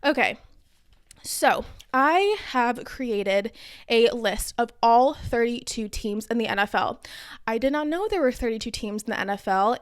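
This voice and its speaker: Young woman, podcast host, chatty and self-deprecating, smooth clear voice, dry close sound. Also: on the high side, no echo. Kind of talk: casual explainer monologue.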